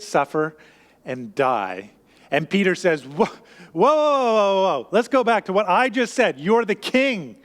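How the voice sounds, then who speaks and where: A man preaching a sermon as pastor, talking conversationally with restarts and acting out what the people in his story say. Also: on the high side. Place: church sanctuary. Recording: long church reverb.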